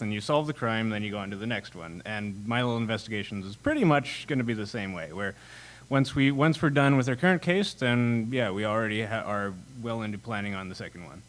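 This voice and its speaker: A man's voice: mid-range voice, fairly bright tone, poor audio. A man on a convention panel explaining his fan game project in a plain, step-by-step way. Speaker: indie game developer panelist. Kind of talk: casual convention panel chat.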